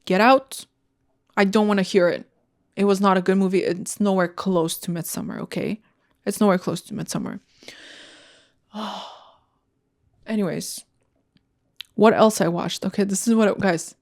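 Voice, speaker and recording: A woman's voice: mid-range voice, fairly even intonation, normal speed, a little mellow. A young woman hosting a solo podcast, ranting in a blunt, heated and profane way. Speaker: podcast host. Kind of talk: casual solo podcast rant.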